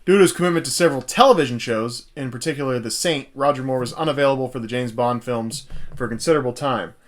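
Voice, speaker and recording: A man's voice: mid-range voice, quick pace. A man co-hosting a casual movie podcast, reading notes aloud and laughing often. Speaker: podcast co-host. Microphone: podcast mic.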